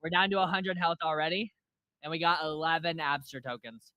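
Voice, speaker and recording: Bright laid-back male streamer. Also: a little high, fairly quick, no echo. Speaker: game streamer. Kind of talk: casual stream chat. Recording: slightly muffled dry mic.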